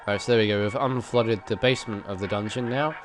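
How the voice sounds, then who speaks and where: A man's voice: fairly low pitch, fairly even intonation, fast, low-quality recording. A man casually commenting on his gameplay, chatty and rambling with frequent chuckles, his nose stuffy. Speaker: let's play gamer. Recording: game music playing behind.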